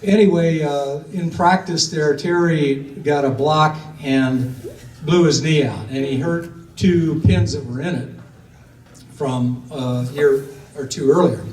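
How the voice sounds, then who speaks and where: An older man from Ohio tells a family story in a loose, rambling way, with plenty of fillers and little voices for the people he quotes. His voice sits a little high for a man. He sounds a bit away from the mic in an echoey room, with faint room noise behind him. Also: slow pace, a little mellow, distant mic. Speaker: storyteller recounting family history. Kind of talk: casual spoken storytelling.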